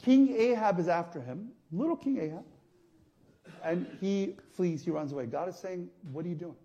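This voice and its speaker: A male priest giving a conversational sermon, going from soft, quiet asides to loud emphatic passages. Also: sits high, animated, normal speed. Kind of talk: sermon teaching.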